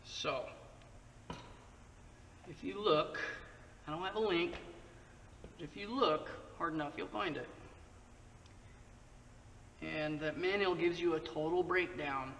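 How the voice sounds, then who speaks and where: Guy chatting through a bike repair, high bright voice, sounds far off in a big echoey space w/ faint hiss. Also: slow, gravelly, long pauses. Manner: chatty, joking asides. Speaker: motorcycle channel host. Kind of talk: casual how-to commentary. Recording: distant echoey mic, faint noise.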